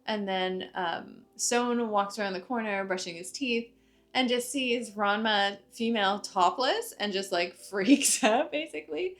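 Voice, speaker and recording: A woman's voice: medium pitch, measured pace, a bit bright. A young woman casually recapping an anime episode, chatty and full of fillers like "like" and "uh". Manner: chatty, uses many fillers like "like" and "uh". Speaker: anime reviewer.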